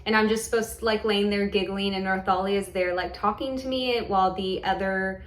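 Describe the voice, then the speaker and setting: A woman tells a personal story in a relaxed vlog. Her talk wanders, full of fillers and restarted sentences. Her voice sits at an ordinary pitch, and the room adds a noticeable echo. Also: fairly quick. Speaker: vlogger recounting a hypnosis session. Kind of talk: casual storytelling to camera.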